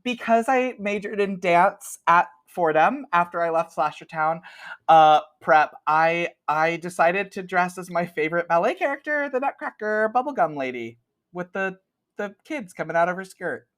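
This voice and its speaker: A woman's voice: fairly low pitch, lively intonation, normal speed, pitched above the performer's own voice, natural voice. A man voicing a chirpy young woman, a former dance major, who brags about her costume in a tabletop horror game. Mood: proud.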